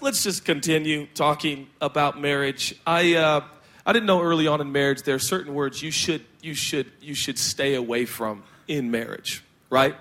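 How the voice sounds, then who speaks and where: Guy pastor preaching, high bright voice, jokey and chatty, teases himself. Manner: animated, joking, self-deprecating preaching; talkative and expressive. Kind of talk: sermon.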